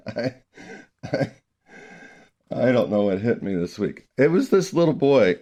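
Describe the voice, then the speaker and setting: A middle-aged man hosting a podcast about music teaching, chatting casually and telling animated stories with frequent laughter. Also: medium pitch, unhurried. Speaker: podcast host, early childhood music teacher.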